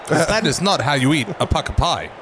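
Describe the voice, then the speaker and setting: Male roving reporter, deadpan, slightly high voice, faint background hum. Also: a little fast. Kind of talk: comedic cricket broadcast.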